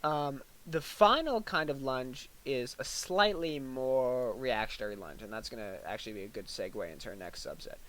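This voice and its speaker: A young man delivers a deadpan parody lecture, halting and filled with fillers, keeping a mock-serious tone and adding small acted-out asides. His voice is medium-pitched, and the audio is poor.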